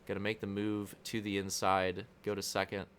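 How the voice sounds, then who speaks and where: A man's voice: on the low side, monotone, moderate pace, a bit bright, a little hiss or hum. Joking young male race commentator. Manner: joking, rambling, crude asides. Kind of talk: casual esports race commentary.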